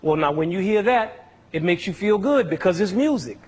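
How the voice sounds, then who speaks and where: A man's voice: high-pitched, expressive, normal speed, darkish tone, breathy edge. A man explaining music to a young audience in an educational talk, teaching step by step and asking the audience questions as he goes.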